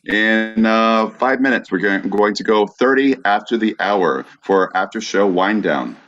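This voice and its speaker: A man hosting a podcast, reading out the show's sign-off and contact details in a steady, announcer-like way. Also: lowish voice, measured pace, lo-fi sound. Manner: steady, announcer-like wrap-up delivery. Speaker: podcast host. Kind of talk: show sign-off.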